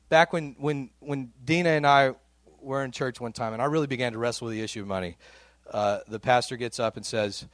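Animated conversational male pastor. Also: mid-range voice, moderate pace, no room sound. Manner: conversational, animated, with frequent repeated words and laughs. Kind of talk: sermon.

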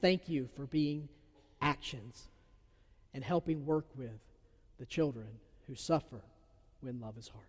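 A man with a Southern accent from Georgia, preaching an earnest sermon as a pastor, moving from loud emphasis to soft near-whispers. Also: medium pitch, a little slow, long pauses. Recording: long reverb of a large hall.

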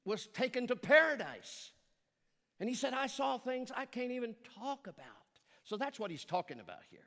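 A man's voice: high voice, sharp tone. Older preacher man in a reverberant hall. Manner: earnest preaching with dramatic pauses and self-corrections. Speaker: pastor. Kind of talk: sermon.

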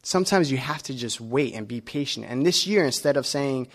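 A man preaching in a relaxed, conversational way, at a middling pitch. He talks to his listeners as if chatting, breaking up his sentences with pauses, fillers and small restarts. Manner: relaxed and personal, with many filler pauses and self-corrections. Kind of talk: conversational sermon.

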